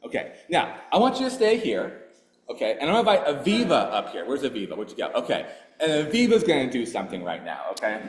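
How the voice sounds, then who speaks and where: A man leading a synagogue service, telling a folk tale playfully and laughing often, then making warm announcements. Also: medium pitch, huge pitch swings, fast talker. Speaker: congregation leader. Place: synagogue hall. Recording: echoey hall with long reverb.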